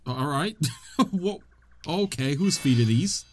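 A man's voice: a little high, lively intonation, takes it slowly, a little hiss or hum. A man giving jokey let's-play commentary, wisecracking and laughing often as he plays. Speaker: gaming channel host.

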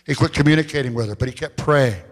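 A man pastor preaching a sermon, telling stories and slowing down to stress key phrases. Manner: storytelling preacher, rises in pitch for quoted voices, slows for emphasis. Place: church sanctuary. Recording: long church hall reverb.

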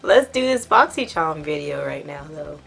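Casual young female beauty vlogger, deep congested voice, talks in loose rambling asides. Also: expressive, normal speed, vocal fry, a bit bright, soft background music. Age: young adult. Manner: chatty, rambling with self-corrections. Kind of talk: casual makeup box review.

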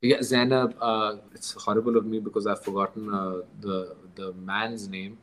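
Man telling a lively story. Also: lowish voice, normal speed, poor audio. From Pakistan. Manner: lively, acts out dialogue, laughs often. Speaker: guest author. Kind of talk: conversational storytelling.

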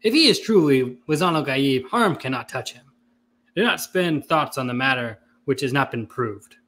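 Man reading desert warrior man, formal, terse, mid pitch, read-aloud. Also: expressive, moderate pace, fairly bright tone. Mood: solemn.

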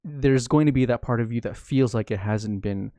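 A man's voice: mid-range voice, moderate pace, warm tone, no room sound. A man hosting a podcast, talking casually and rambling, with lots of "like" fillers and restarts. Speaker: podcast host. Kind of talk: casual conversation.

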